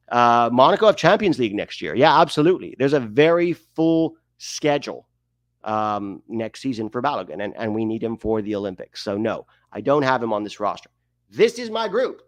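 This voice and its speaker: A man's voice: medium pitch, sing-song, normal speed, no room sound. A man hosting a livestream, giving emphatic, opinionated sports commentary and often tossing in rhetorical questions. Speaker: host of a soccer livestream.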